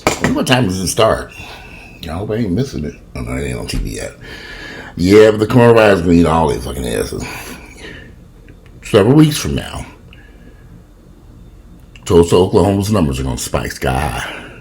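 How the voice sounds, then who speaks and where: A man's voice: low-pitched, big pitch swings, brisk, gravelly, long pauses, darkish tone, slight background noise. A man in his fifties ranting profanely and animatedly in a casual home vlog, filming himself on a camera in his kitchen. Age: 50s. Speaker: vlogger.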